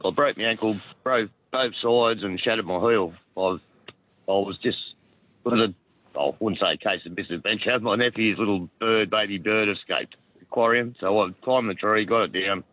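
Australian male caller, 50s, croaky from a cold, halting, dry tinny phone sound. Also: fairly low pitch, no room sound. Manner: rambling, halting with many restarts. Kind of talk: radio call-in chat.

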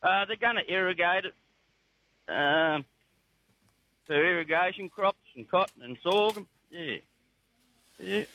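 A man's voice: high-pitched, lively intonation, unhurried, long pauses, sharp tone, a little hiss or hum, rough recording. A man with a broad rural Australian accent, calling a radio show and chatting in a laconic, drawling way. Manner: laconic, drawling, says mate a lot. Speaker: caller. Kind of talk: casual radio phone chat.

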